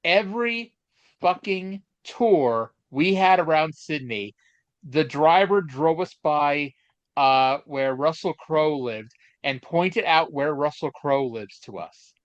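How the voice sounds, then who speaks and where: A man's voice: fairly high pitch, expressive, takes it slowly, no room sound. A man co-hosting a casual chat podcast, telling stories in a rambling, hesitant way with many fillers. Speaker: podcast co-host. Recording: dull lo-fi dry sound.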